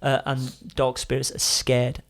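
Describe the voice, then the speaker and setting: A young man appearing as a podcast guest tells a story in a casual, animated way, unhurried and at medium pitch. He swears casually and adds chatty asides.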